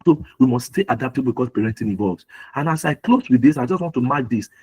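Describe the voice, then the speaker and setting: A man's voice: mid-range voice, animated, fast talker, darkish tone, breathy edge, rough recording. A middle-aged man from Nigeria giving an earnest talk on parenting at a webinar, often repeating his key phrases for emphasis. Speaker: webinar speaker.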